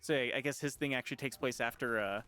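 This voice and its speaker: Man, game stream co-host, quick joking remarks, fast pace, casual chat. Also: mid-range voice, bright, forceful tone, smooth.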